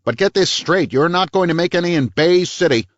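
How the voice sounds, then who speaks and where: A man's voice: mid-range voice, sing-song, normal speed, no echo, muffled recording, pitched above the performer's own voice. A man voicing a hard, bullying small-town police chief who snaps his questions.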